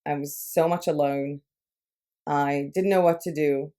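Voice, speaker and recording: Low-voiced chatty woman vlogger. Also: fairly even intonation, measured pace, mellow. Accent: English with a light Israeli accent, Americanized. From Israel. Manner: chatty, frequent "like" fillers. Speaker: YouTube creator. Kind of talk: casual personal vlog.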